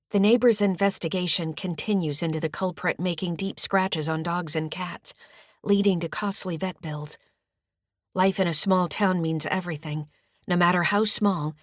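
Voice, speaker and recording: A woman narrates a first-person audiobook in a calm, measured way, her voice sitting on the low side. The recording is dry and close, with no room sound. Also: no echo. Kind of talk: scripted narration.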